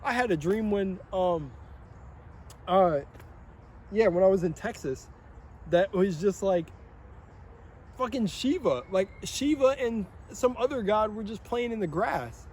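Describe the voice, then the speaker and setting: A young man rambling in a monologue, excitable and swearing often, laughing between phrases. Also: sits high, unhurried, long pauses, a little hiss or hum. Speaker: vlogger.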